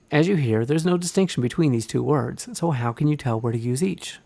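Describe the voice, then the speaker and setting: Guy from indiana teaching grammar, bit of fry in his voice, steady middle pitch. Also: dry recording. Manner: clear, deliberate, explains with examples. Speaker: writing instructor. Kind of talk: scripted lesson narration.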